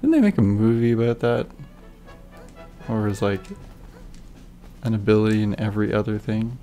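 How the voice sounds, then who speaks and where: A woman's voice: a bass voice, animated, normal speed, dark tone, faint music behind. A woman streaming a video game, chatting casually with sarcastic asides. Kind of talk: casual gameplay commentary.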